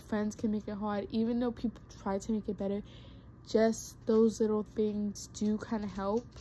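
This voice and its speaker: A woman's voice: a little high, warm tone, a little hiss or hum, low-quality recording. A young adult woman vlogging casual advice straight to her viewers, earnest and emphatic, often repeating herself for weight. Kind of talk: casual advice talk to camera.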